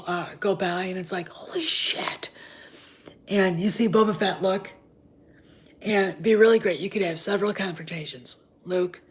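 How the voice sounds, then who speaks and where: Brief: female fan-show host, casual rambling chat, husky and low, hushed asides. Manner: rambling, often drops into whispers.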